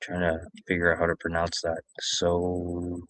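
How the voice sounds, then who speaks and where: A man's voice: sits low, monotone, measured pace, a bit bright, no room sound. A man in his forties telling rambling, profane stories alone on a stream, repeating himself. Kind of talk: casual storytelling.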